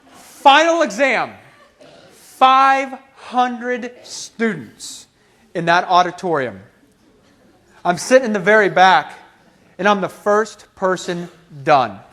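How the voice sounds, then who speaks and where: A man giving a teacher training talk as a motivational speaker, telling a personal story with animated humor. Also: very high-pitched.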